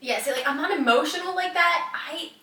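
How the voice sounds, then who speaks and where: A woman's voice: high-pitched, a little fast, bright, forceful tone. A young woman co-hosting a casual podcast, chatty and self-mocking, laughing often. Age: young adult. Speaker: podcast co-host. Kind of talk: casual chat. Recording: echoey room, mic at a distance.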